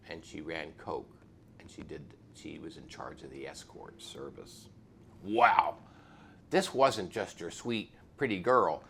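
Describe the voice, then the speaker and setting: A man's voice: low voice, gravelly, fairly bright tone, slight background noise. A man, a police officer, telling his faith story in a dramatic way and acting out the people in it. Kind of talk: animated storytelling testimony.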